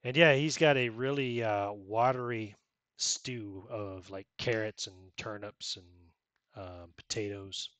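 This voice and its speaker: A man's voice: lowish voice, slow pace, fairly bright tone, no echo. A man narrating a tabletop game as game master, in a casual way with many fillers and self-corrections.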